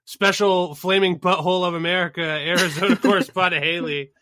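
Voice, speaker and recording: Bright-voiced, dry-sounding wry male host. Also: sits high, steady tone, fairly quick, dry recording. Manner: wry, teasing, stumbling restarts. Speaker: podcast host. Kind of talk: casual political comedy chat. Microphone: remote call recording.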